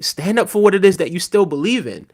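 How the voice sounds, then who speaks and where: A man with a slightly high voice hosts a live podcast, chatting loosely with viewers. He teases, drops frequent "right?" asides and lets out small chuckles as he talks. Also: animated, fairly quick. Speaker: podcast host reading live chat. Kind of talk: casual livestream talk.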